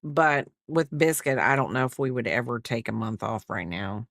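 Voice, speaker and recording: In studio-quality audio without room sound, a middle-aged woman from the United States speaks at normal speed in a very deep, fairly bright voice. She crochets live on stream, rambling and chatting casually while answering her viewers between stitches.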